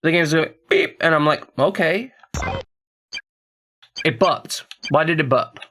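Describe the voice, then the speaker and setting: A man's voice: a little high, steady tone, normal speed, music in the background. A man streaming a video game, thinking aloud in a puzzled, casual way with profane asides. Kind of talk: casual gameplay commentary.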